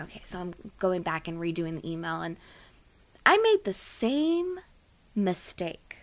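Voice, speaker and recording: Animated woman telling a story. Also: lowish voice, measured pace. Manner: animated, dramatic storyteller who acts out quotes. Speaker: podcast co-host. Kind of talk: casual storytelling chat.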